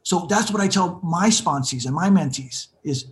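A man in his fifties telling his own life story in an interview, animated and acting out the voices of people he quotes. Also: sits high, moderate pace. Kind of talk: conversational storytelling.

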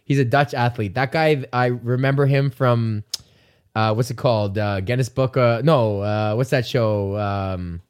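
A man's voice: mid-range voice, fairly even intonation, unhurried, smooth. A man with a Canadian accent hosting a casual solo podcast, rambling and joking with lots of swearing and filler words. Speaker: podcast host.

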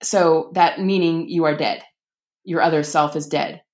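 A woman's voice: deep voice, steady tone, unhurried, darkish tone. A woman author in a casual interview, chatting enthusiastically with frequent ums and restarts. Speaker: author and podcast guest.

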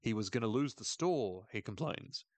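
A man's voice: mid-range voice, lively intonation, normal speed, no echo. A man hosting a podcast, recapping a TV episode in a wry, chatty way with frequent laughs. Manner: wry, chatty, laughs often, quotes characters in funny voices. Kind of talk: casual chat.

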